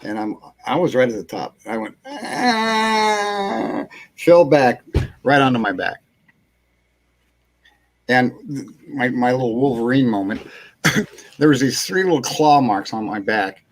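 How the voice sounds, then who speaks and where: A man's voice: medium pitch, animated, measured pace, pauses often. A man hosting a casual live chat show, telling a long rambling anecdote, chuckling and acting out what people said. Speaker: host.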